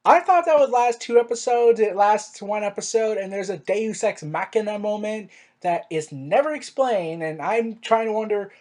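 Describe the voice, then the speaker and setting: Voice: medium pitch, expressive, moderate pace, a little mellow. Exasperated rambling reviewer. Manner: exasperated rhetorical questioning; rambling with filler words and restarts. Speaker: show reviewer. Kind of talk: casual review monologue.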